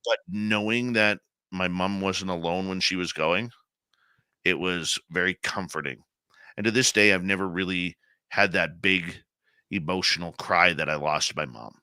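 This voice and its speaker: A man's voice: low-pitched, fairly even intonation, measured pace, pushed and bright, smooth, no room sound, studio quality. A male radio host, emotional and heartfelt as he shares a personal story in conversation. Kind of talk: conversational interview.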